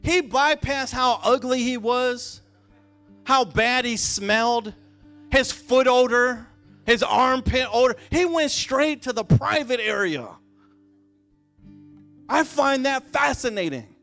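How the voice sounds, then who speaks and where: A man preaching a sermon with passion, repeating phrases and rising to shouts for emphasis. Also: very high voice, expressive, slow pace, soft background music.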